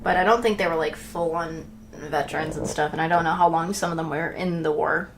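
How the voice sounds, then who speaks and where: A woman streaming a casual chat from home, rambling along with fillers and restarts and clearing her throat now and then. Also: deep voice, fairly even intonation, a little fast, over music. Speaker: live streamer.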